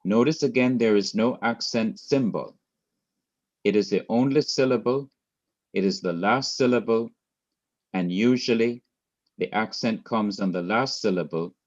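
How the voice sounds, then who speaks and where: A man teaching a Hebrew class in a patient, repetitive lecture style, spelling out letters one by one. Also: fairly low pitch. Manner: patient, repeats key points, spells out letters. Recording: dull lo-fi recording.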